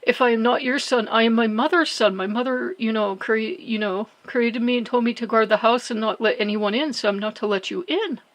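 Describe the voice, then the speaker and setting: A woman's voice: on the high side, a little fast, few pauses, close to an everyday voice, rough recording. A small boy guard, earnest and stubborn, answering back with plain firmness, as a woman telling the tale puts him on. The voice stays close to her own, only slightly raised. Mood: defiant. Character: brave little boy guarding a door.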